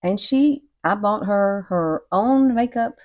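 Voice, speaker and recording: A woman, chatting warmly and encouragingly through a makeup tutorial at home. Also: medium pitch, takes it slowly, lo-fi sound. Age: 60s. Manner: chatty and encouraging, often says y'all and girl. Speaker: beauty vlogger. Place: home at night with cicadas outside.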